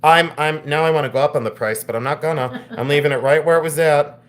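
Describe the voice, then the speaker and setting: A woman's voice: low voice, quick pace. A woman hosting a live-streamed jewelry sale, chatty and gushing, laughing often as she shows pieces. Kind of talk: live-stream sales chat.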